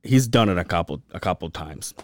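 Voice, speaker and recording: A man's voice: sits low, fairly quick, dry recording. A man around forty on a podcast, telling a long story about his father in a casual, profane way and acting out the quotes. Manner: profane, animated storyteller who acts out quotes. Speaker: podcast co-host.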